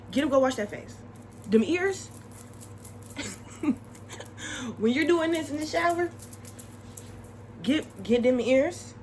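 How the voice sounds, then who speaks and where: A young woman with a fairly high voice talks straight to her viewers in a relaxed advice vlog. She is animated and chatty, hammering each point home by saying it again. A faint hum of room noise sits under her voice. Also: rough recording. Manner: animated and chatty, repeats points for emphasis, laughs often. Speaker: vlogger. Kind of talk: casual advice chat to the camera.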